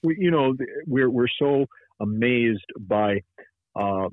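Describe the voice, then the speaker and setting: A man, a pastor, speaking haltingly with many restarts in a radio Bible study conversation. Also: medium pitch, lively intonation, dry recording. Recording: dry, tinny phone line.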